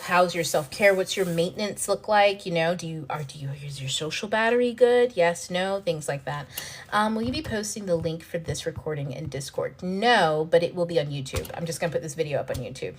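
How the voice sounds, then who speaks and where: A woman's voice: lowish voice, moderate pace, a little hiss or hum. A woman who hosts and writes books, talking casually in a livestream and answering viewer questions, blunt and profane, laughing often. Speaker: author and self-development host.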